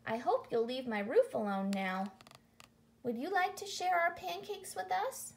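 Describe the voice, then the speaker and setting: A woman's voice: high-pitched, sing-song, a little slow, creaky, pitched above the performer's own voice, heavily acted. A woman voicing a small old male elf, fussy about his roof but helpful, in a storybook reading.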